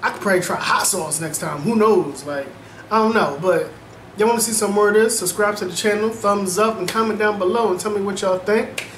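A young man with a fairly high voice chats loosely to his viewers, calling them y'all. His voice rings in an echoey room, with a faint hiss behind it. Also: a little fast, fairly bright tone. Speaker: YouTuber. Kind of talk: casual vlog wrap-up talk.

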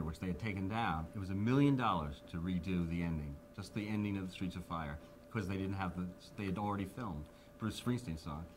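A man's voice: deep voice, brisk, slight background noise. Man in his fifties telling stories. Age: 50s. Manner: animated, acts out quoted people, chuckles. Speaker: interviewee. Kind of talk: anecdotal interview storytelling.

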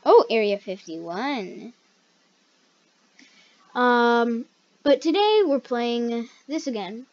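A woman hosting a gaming video, chatting casually through the play, chatty and excitable and yelping when startled. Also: on the high side, extremely slow, pauses often, no echo. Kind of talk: casual gameplay commentary. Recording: dull lo-fi recording.

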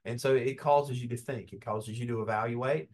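Calm folksy man lecturing. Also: medium pitch, moderate pace. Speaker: business law presenter. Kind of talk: webinar lecture. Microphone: video call webcam.

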